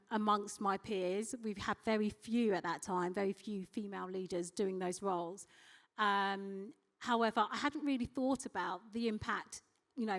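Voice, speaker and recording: A woman speaking on a conference panel as a company executive, telling a personal story in an animated way and acting out quoted dialogue. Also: mid-range voice.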